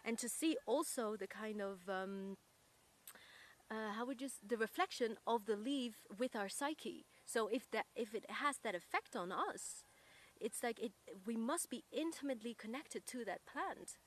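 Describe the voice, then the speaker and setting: Earnest woman musing in an interview. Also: a little high. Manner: earnest and searching, pausing to find words. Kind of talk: reflective interview talk.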